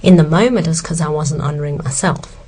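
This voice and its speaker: A woman's voice: low voice, fairly quick, mellow, breathy edge. A woman author earnestly answering questions about self-esteem, emphatic and sincere.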